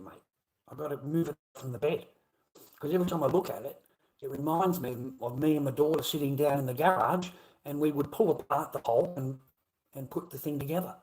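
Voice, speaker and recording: A man's voice: a little high, darkish tone, rough recording. Rambling, swearing Australian man. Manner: rambling, swears a lot, often trails off into mumbling. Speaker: livestreamer. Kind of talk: casual rambling livestream chat.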